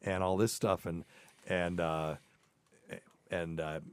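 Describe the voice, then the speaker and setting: A man in his sixties with a softened Southern accent, hosting a casual medical talk show and telling folksy stories. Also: low voice, flat delivery, takes it slowly, clean tone. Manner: folksy storytelling. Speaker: host. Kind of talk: casual podcast chat.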